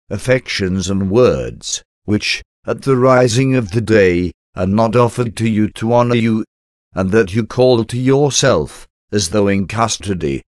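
A man's voice: medium pitch, dry recording, studio quality. A man reading a devotional meditation aloud as a solemn, intimate prayer addressed to Jesus. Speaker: devotional reader.

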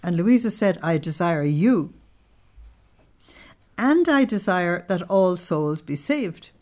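A woman with a somewhat low voice leads a devotional study group. She reads spiritual passages aloud with emphasis, slowing down on key words. She keeps asking her listeners whether they follow. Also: lively intonation, darkish tone. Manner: asks listeners to check their understanding. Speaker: religious study group leader. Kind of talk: devotional teaching with readings aloud.

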